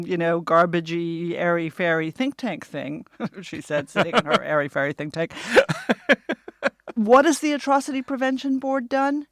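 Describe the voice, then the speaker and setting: A woman's voice: lowish voice, no room sound, studio quality. Sardonic woman co-hosting a politics podcast. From Australia. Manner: sharp, sardonic, laughs often. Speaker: podcast co-host. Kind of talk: opinionated political chat.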